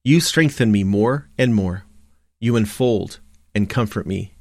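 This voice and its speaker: A man reading morning prayer and scripture aloud in a measured, steady recitation. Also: fairly low pitch, no echo, clean studio sound. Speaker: liturgy reader.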